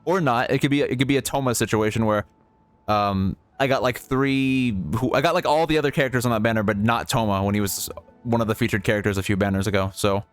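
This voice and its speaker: A man's voice: mid-range voice, fast, faint music behind. Rambling male game streamer. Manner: rambling, lots of fillers and restarts. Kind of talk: casual gameplay commentary.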